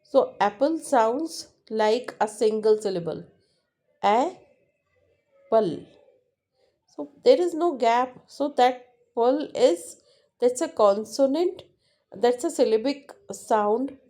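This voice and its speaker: Lady teaching slow, mellow voice, kinda high, lots of uhs and restarts. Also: animated. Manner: slow and repetitive, with frequent fillers and restarts. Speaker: English teacher. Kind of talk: classroom lesson explanation.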